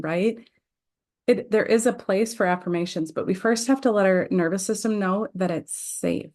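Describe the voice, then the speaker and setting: Woman gently guiding a tapping exercise. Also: medium pitch. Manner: gentle, speaks scripted phrases for listeners to repeat, with fillers. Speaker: host and EFT tapping guide. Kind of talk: guided tapping lesson.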